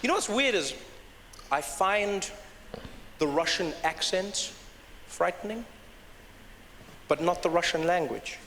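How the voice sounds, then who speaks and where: A man performing stand-up comedy, telling stories in an animated way and slipping into accent impressions. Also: sits high, slow, pauses often, a little hiss or hum. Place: live comedy stage. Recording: reverberant live venue with crowd ambience.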